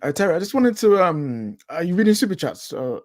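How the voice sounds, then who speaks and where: A man co-hosting a casual football fan podcast, talking in lively quick bursts that trail off. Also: high-pitched. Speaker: podcast co-host.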